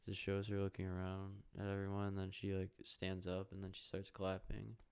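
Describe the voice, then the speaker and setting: A young man hosts a loose, profane solo podcast, jumping between jokes and reactions to a hockey game. His voice sits low and has a gravelly, fried edge. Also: monotone, normal speed. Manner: profane, rambling, jokey, reacts out loud to the game. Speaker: podcast host. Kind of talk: casual solo podcast rambling while watching hockey.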